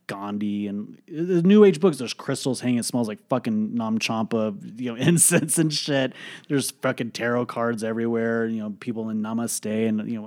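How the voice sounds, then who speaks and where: A man's voice: medium pitch, darkish tone. A man hosting a podcast, telling a personal story in a blunt, profane and emphatic way, full of fillers. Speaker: podcast host. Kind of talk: candid podcast monologue.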